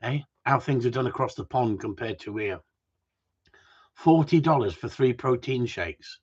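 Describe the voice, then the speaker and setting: A man's voice: mid-range voice, a little slow, husky. A man chatting and joking on a livestream, rambling and swearing as he talks to viewers. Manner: rambling, swears, jokey banter. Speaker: livestream host. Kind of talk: casual chat to a live audience. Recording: dull lo-fi sound.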